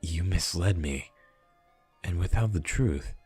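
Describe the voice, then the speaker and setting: A man's voice: sits low, animated, takes it slowly, a little mellow, breathy edge, faint music behind, full character voice. A man reading a visual novel aloud, voicing a distressed young man who feels betrayed and answers in pleading, sarcastic tones. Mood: bitter. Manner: pleading, then bitter and sarcastic.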